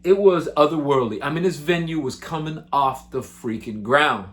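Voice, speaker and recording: A male musician with a fairly high voice tells road stories to the camera. His delivery is loose, excitable and chatty, often rising with enthusiasm. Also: moderate pace. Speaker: musician and show host. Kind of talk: casual storytelling to camera.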